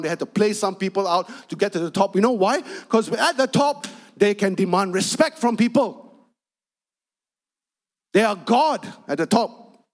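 A man preaching a sermon, telling a personal story in a chatty way with frequent asides and turning emphatic as he preaches. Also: high voice. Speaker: pastor.

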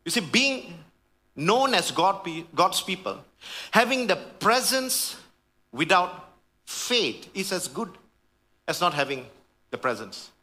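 A man preaching a sermon as pastor, fervent, dropping to hushed tones and rising to raised emphasis, calling out to the congregation. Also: sits high, very animated, slow pace, long pauses. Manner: calls out to the congregation.

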